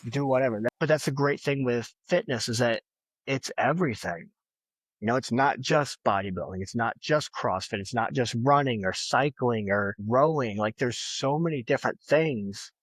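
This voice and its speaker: A man's voice: mid-range voice, dry recording. A man guesting on a podcast, talking emphatically and motivationally, often saying "like" and "you know". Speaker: podcast guest, fitness and bodybuilding figure. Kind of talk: casual interview talk.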